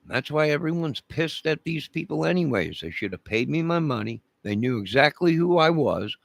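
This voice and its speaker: A man's voice: on the high side, lively intonation, normal speed, creaky, dry recording. A man delivering an angry, profane, repetitive rant to camera, making demands over and over. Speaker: vlogger.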